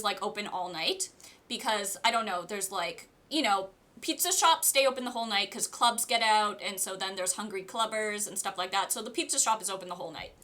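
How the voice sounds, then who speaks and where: A young woman with a bright, fairly high voice tells a storytime on a live stream. She talks in a chatty, animated way, with plenty of "like" fillers, and breaks off to answer her chat. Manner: chatty, animated, many "like" fillers, laughs while telling. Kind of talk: casual storytime.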